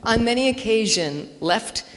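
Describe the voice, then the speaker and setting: A woman's voice: fairly high pitch, lively intonation, unhurried. A woman doing a chatty, self-mocking stand-up set in a church hall, acting out dialogue in funny voices. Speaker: stand-up comedian. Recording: live in a reverberant hall.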